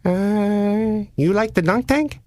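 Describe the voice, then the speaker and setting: A man putting on a high falsetto voice as an odd, eager male prank caller. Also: slow, darkish tone, dry recording, studio quality.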